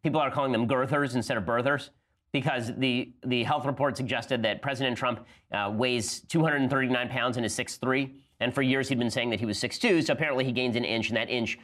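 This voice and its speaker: A man hosts a political talk podcast in his thirties, rattling off commentary at a very fast clip. His delivery is sardonic and punchy, with a mid-range voice. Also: mid-range voice, steady tone, fairly bright tone. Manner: rapid-fire, sardonic, talks in quick bursts. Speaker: podcast host.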